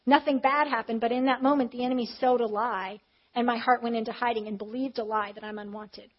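High-voiced woman preaching conversationally. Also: a little fast, breathy edge. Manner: candid, animated retelling with acted quotes. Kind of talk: conversational sermon with storytelling. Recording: slightly dull, muffled audio.

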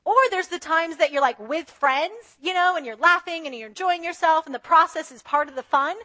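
A woman's voice: extremely high pitch, brisk, sharp tone, no room sound. A woman preaching an earnest, conversational sermon, acting out her own prayers to God.

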